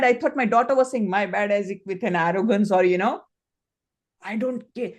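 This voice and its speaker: A woman's voice: medium pitch, a little fast. Middle-aged woman, Indian English accent, parenting coach on a video call, storyteller. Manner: storytelling, acts out quoted dialogue. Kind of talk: online coaching session.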